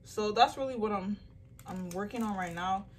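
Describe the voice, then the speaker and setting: A young woman chatting casually to her phone camera while packing orders, telling a story in an animated way with lots of "like". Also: mid-range voice, normal speed, far from the mic, slight background noise. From Nigerian heritage. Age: young adult. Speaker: small business owner vlogger.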